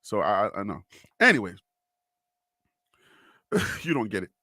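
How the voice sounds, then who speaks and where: A man from North Carolina hosting a casual live sports stream, animated and laughing often, repeating his words as he talks to the chat. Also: lowish voice, measured pace, dry recording. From North Carolina, US South.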